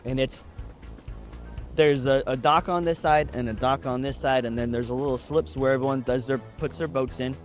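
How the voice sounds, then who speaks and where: A man's voice: mid-range voice, steady tone, moderate pace, soft background music. A man from Texas telling a story casually, with wry, profane, laid-back humor.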